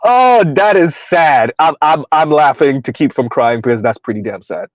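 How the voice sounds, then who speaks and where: A man's voice: a little high, animated, moderate pace, no echo. Laughing man on a dull, dry mic. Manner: laughing, reads viewer comments aloud. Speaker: commentary channel host. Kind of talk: casual live-stream commentary.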